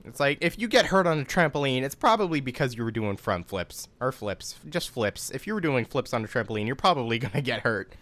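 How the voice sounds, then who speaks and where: A man's voice: mid-range voice, big pitch swings, fairly quick, hardly any pauses, fairly bright tone. A young man telling a personal story in a loose, rambling way, full of swearing, fillers and restarts. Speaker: commentary YouTuber. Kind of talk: casual storytelling.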